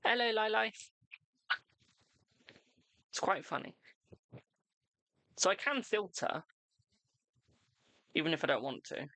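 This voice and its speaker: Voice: medium pitch, sing-song, a little slow, long pauses, a bit bright, no echo. A young adult tarot reader chatting bluntly and casually on a live stream. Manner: blunt, chatty, self-deprecating.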